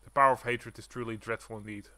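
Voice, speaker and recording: A man reading game dialogue aloud as a formal, courteous noble mouse creature who squeaks between stiff, old-fashioned lines. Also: steady tone, fast talker, pushed and bright, no room sound. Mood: solemn.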